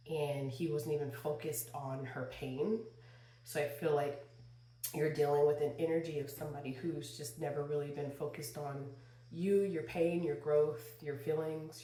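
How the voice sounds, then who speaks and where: A hoarse, low-pitched woman chats through a tarot reading, expressive and prone to laughing and singing snippets. Her voice is going, and she keeps clearing her throat. It's a quiet home recording with a roomy sound.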